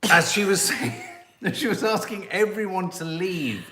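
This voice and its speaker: A man's voice: high-pitched, animated, unhurried, pushed and bright, roomy sound, slight background noise. A middle-aged man co-hosting a casual live chat about a TV drama, wry and laughing as he reads out his notes. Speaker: co-host of a live review show.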